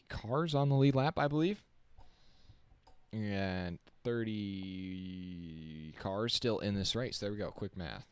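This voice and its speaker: A man giving casual, excitable live-stream race commentary from a home computer setup, reacting on the fly and chatting to his viewers. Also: lowish voice, slow, long pauses, smooth, no echo.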